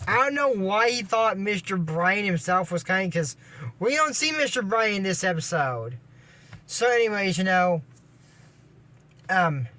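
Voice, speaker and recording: A man with a high, bright, pushed voice recaps an anime episode casually. The reviewer rambles with plenty of fillers and restarts, tossing in sarcastic asides.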